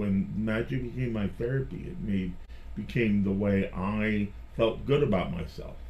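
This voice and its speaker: A middle-aged man, a magician guest, telling personal stories in a chatty, animated way and often restarting his phrases. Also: lowish voice, dull audio. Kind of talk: personal storytelling in conversation.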